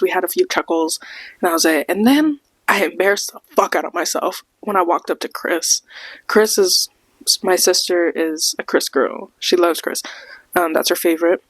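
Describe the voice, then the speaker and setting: A woman's voice: lowish voice, a bit bright, no room sound. A young woman hosting a podcast, telling a rambling concert story with a lot of swearing and acting out what people said. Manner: rambling, swears a lot, acts out quoted voices. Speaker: podcast host. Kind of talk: casual storytime monologue.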